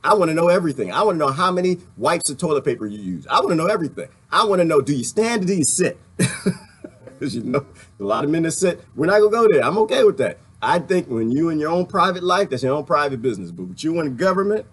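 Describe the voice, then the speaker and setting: Ranting commentator, male, husky, lively pitch, sarcastic and repetitive. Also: quick pace. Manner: rambling, repetitive, heated and sarcastic; laughs between points. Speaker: video commentator. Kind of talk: ranting monologue.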